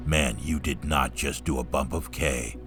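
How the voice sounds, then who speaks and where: A man's voice: unhurried, music in the background. A man reading aloud, voicing an anxious young woman who hates heights, in a raised, pleading tone. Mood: panicky. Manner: higher, pleading and panicky.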